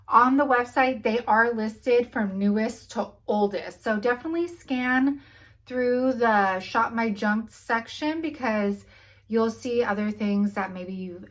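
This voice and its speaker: Breathless woman chatting slowly. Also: a little high, rough recording. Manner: chatty, trailing off into quiet asides. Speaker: vlogger showing thrift finds. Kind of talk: casual chat to camera.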